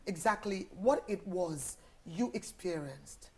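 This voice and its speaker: A woman's voice: on the low side, expressive, slow, darkish tone. A woman hosting a TV panel, introducing and praising her guests effusively. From Nigeria. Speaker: TV show host.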